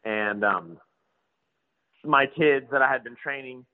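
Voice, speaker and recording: A man's voice: medium pitch, slow pace, phone-quality sound. A man, a motocross rider and trainer telling a story in a casual, slangy way. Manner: laid-back, slangy, acts out quoted dialogue.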